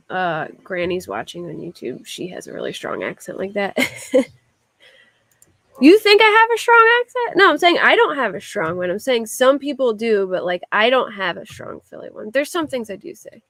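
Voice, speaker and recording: A woman's voice: mid-range voice, animated, moderate pace, a bit bright, no room sound. Philly-accented woman streamer, loose casual chat full of fillers, mid-range voice, dry room. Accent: Philadelphia. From Philadelphia. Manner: rambling, with frequent "like" fillers. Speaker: livestreamer. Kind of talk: casual chat answering a live chat.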